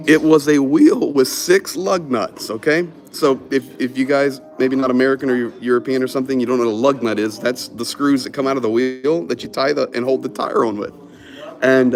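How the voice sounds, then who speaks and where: A man telling a story in casual conversation, acting out the people he quotes. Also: mid-range voice. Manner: animated, acts out quoted voices.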